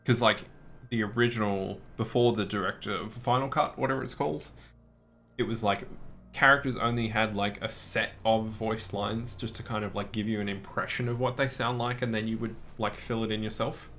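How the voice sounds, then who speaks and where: A man's voice: on the low side, fairly even intonation, moderate pace, fairly bright tone, slight background noise. An easygoing man with an Australian accent who laughs often, chatting casually while streaming a game. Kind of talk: casual chat while gaming.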